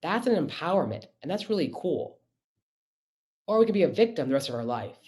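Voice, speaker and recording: A man's voice: fairly high pitch, very animated, brisk, a little mellow. Emphatic man giving a casual webinar talk. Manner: conversational, emphatic, repeating rhetorical questions.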